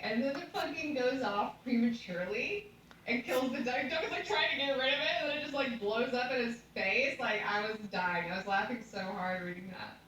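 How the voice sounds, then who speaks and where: A woman giving an animated comic breakdown of a story, swearing and laughing as she goes. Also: medium pitch, a little fast, very echoey, distant mic, slight background noise, rough recording. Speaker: commentator.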